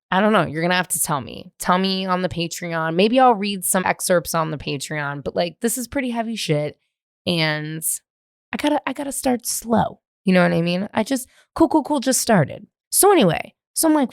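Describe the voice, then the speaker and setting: A woman in her thirties from San Francisco, hosting her podcast and telling a story in a candid, animated, profane way. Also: lowish voice, no room sound, studio quality. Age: 30s. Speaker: podcast host. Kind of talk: casual storytelling monologue.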